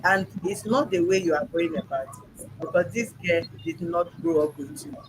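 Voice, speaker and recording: A man's voice: high-pitched, normal speed, background noise. A man, hosting a mediation and firmly questioning a child, repeating his questions. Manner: firm, probing, repeats questions. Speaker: mediator host. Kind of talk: questioning a child in a family dispute.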